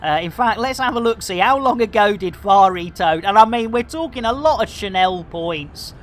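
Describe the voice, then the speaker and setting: A woman's voice: mid-range voice, lively intonation, normal speed. A woman streaming a game live, joking and calling out greetings to viewers. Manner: jokey, theatrical, shouts greetings.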